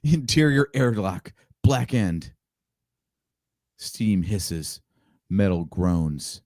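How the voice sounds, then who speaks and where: Male co-host, mock-epic storyteller, very animated intonation, dry close mic. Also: on the low side, very slow, no echo. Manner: grandly theatrical narration. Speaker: podcast co-host. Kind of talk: dramatic reading of a script.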